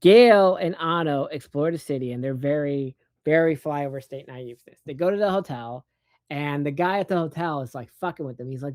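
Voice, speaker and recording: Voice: mid-range voice, a little mellow, no room sound. A person casually recapping a movie plot with profane, sarcastic asides and a rambling delivery. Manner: acts out characters' lines in quick put-on voices.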